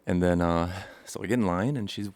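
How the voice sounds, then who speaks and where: A man's voice: low voice, fairly quick, darkish tone, no echo. A young man casually telling a rambling childhood story to camera, acting out scenes and laughing often. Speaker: vlogger.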